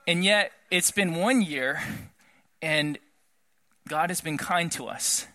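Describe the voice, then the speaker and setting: Bright-voiced man preaching casually. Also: a little high, slow. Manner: conversational, self-deprecating, animated when quoting. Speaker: pastor. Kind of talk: casual sermon.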